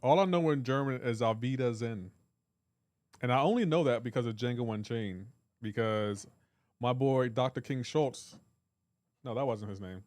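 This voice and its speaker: A man's voice: mid-range voice, normal speed, darkish tone, dry recording. Joking man chatting on a live stream. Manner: joking, reads chat aloud. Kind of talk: casual live stream chat.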